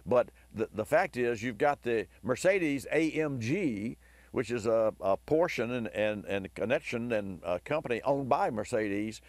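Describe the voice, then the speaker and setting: A hoarse man hosting a car advice radio show, telling a long rambling story with enthusiasm. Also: mid-range voice, animated, measured pace, no room sound. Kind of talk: talk radio monologue.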